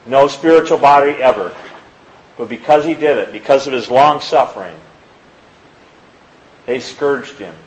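Speaking unhurriedly and pausing often, this lay preacher talks plainly to his audience and reads scripture aloud in a conversational sermon. When he pushes a point, his pitch goes up. The rough recording carries slight background noise.

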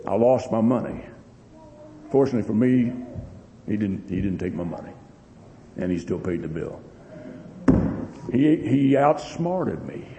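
A man's voice: fairly high pitch, dark tone. A man preaching a sermon, telling a story with lots of repeats and strong rising and falling emphasis. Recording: long hall reverb.

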